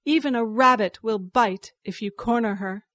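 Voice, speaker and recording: Woman narrator, higher voice, unhurried, dry studio read. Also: fairly bright tone, no room sound. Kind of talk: scripted story narration.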